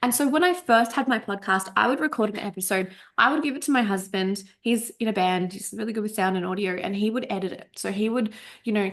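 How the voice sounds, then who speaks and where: A woman's voice: mid-range voice, a bit bright. A woman coach in her thirties giving a casual spoken workshop, chatty and emphatic, swearing freely and tripping over her words, a little coughy, recorded on a desk microphone over a video call. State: a bit coughy. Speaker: coach running a podcast workshop. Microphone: desk USB microphone over a Zoom recording.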